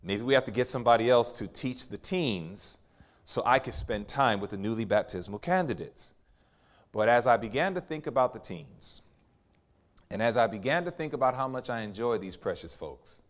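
A man's voice: mid-range voice, expressive, brisk, fairly bright tone. A man preaching a sermon, acting out quoted voices with big swings as he tells stories. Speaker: pastor.

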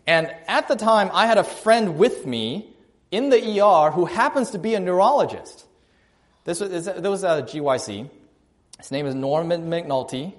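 A man delivers a sermon as if chatting with his listeners. His voice sits a little on the high side, and he tells stories, speeding up and slowing down and getting louder and softer to make his points. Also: expressive. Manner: conversational, storytelling, varies loudness and pace for emphasis. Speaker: preacher. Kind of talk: sermon with a personal story.

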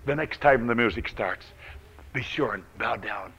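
A man voicing a powerful ancient king who speaks in a soft, hushed, persuasive way. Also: mid-range voice, moderate pace, husky, lo-fi sound, pitched below the performer's own voice. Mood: coaxing.

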